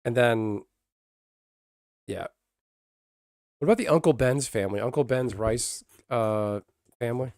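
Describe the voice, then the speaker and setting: Man streamer, casual rant, blunt and profane, stop-start phrasing, mid-pitched voice, dry close mic. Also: measured pace, pauses often, a little mellow, no echo. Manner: blunt, profane, rambling with many restarts.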